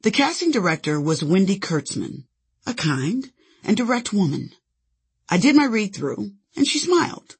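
A woman's voice: medium pitch, very animated, normal speed, slightly rough. A woman narrating her own memoir with sassy, conversational storytelling. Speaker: author and narrator.

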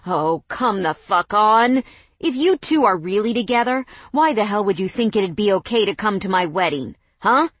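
An enraged, jilted young man, loud and high-strung, spitting out curses, voiced by a woman reading an audiobook. His voice rides high and strained. It is dry and close, with no room around it. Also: expressive, moderate pace, slightly rough, no echo. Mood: furious. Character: furious jilted young man, shouting, unhinged. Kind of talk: audiobook character voice.

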